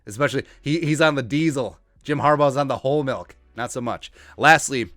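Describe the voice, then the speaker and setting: A man hosting a sports podcast, riffing in a joking, rambling way and putting on quick mock voices for the people he talks about. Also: medium pitch, fairly bright tone, no echo, faint music behind. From Asian heritage, Minnesota fan. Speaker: podcast host. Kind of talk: comedic sports commentary.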